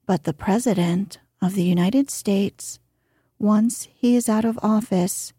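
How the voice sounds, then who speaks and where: A woman reading an old etiquette book aloud in a soft, gentle, unhurried bedtime manner. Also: mid-range voice, slightly rough, no echo, studio quality. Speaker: reader.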